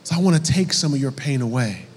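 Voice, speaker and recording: A man preaching a sermon from the pulpit, lively when acting out quotes and dropping low and soft for the somber stretches. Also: fast, in a large hall. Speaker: pastor. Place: church sanctuary.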